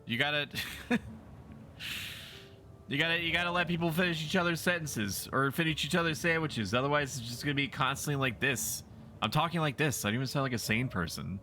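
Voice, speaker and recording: A man's voice: a little high, fairly quick, bright, forceful tone, faint music behind. A young man streaming a game, joking around and reacting casually. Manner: joking, reads game lines aloud.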